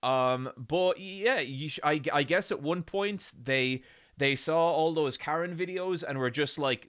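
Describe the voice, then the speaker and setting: A man's voice: a little high, measured pace, fairly bright tone, clean tone, no echo, studio quality. An Irish man hosting a commentary video, talking animatedly and swearing as he riffs with restarts. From Ireland. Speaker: video essay host. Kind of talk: casual commentary.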